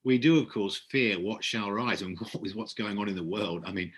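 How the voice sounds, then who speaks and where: A man's voice: lowish voice, normal speed, a bit bright, slightly rough. A man from Kent, hosting a poetry reading and heaping effusive praise on the poets. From Kent, England. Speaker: host.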